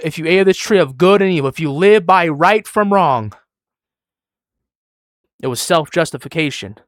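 A male preacher delivers an impassioned sermon, reciting scripture in archaic phrasing. He swings from loud, rapid exhortation to hushed storytelling, in a mid-pitched voice. The sound is dry and close, with no room echo. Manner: swings between loud, fast exhortation and quiet, slow storytelling; quotes Bible verses in King James wording. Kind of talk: street-style sermon with scripture reading. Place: online virtual world.

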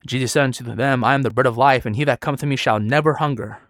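A male preacher delivers an impassioned sermon, reciting scripture in archaic phrasing. He swings from loud, rapid exhortation to hushed storytelling, in a mid-pitched voice. The sound is dry and close, with no room echo. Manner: swings between loud, fast exhortation and quiet, slow storytelling; quotes Bible verses in King James wording. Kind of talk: street-style sermon with scripture reading. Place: online virtual world.

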